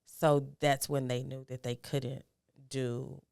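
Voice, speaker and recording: A woman's voice: little pitch movement, slow, gravelly, darkish tone, clean tone, dry recording, clean studio sound. Grieving mother telling her story. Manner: emotional, acts out quoted dialogue with rising pitch. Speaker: guest. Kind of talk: personal storytelling in conversation.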